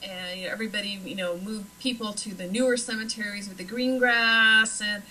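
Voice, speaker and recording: Bright, chatty woman from Nebraska. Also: mid-range voice, steady tone, a little fast, a little hiss or hum, rough recording. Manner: chatty, lots of fillers. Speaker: paranormal investigator guest. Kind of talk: casual chat.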